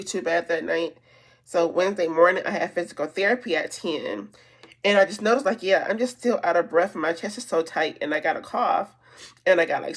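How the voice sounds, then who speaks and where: While she applies her makeup, this woman tells a long, rambling story packed with fillers and false starts. Her voice is on the low side with a fairly bright tone, and the chat is a casual get-ready-with-me.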